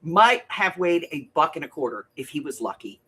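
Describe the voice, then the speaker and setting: Husky lady chatting on her craft livestream, voice jumps all over, laughs a lot, middle-aged. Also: low voice, normal speed. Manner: chatty, animated storyteller, laughs often, greets viewers by name. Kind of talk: casual chat to live viewers.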